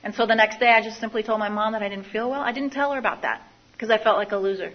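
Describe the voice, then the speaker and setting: Her voice on the high side and her pace fast, a woman tells an audience her own recovery story, candidly confessing and often repeating herself. The audio sounds dull.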